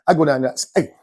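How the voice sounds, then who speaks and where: A man from Georgia with an Atlanta accent telling prison stories in a casual, slangy, animated way. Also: medium pitch, slightly rough, dry recording. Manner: animated, slangy, laughs often between lines. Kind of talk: casual storytelling.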